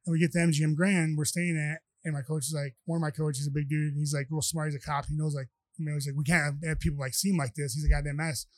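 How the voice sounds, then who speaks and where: A man's voice: a little high, little pitch movement, quick pace, a little mellow, no echo. A man, a podcast guest telling rambling stories with many restarts. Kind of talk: casual storytelling.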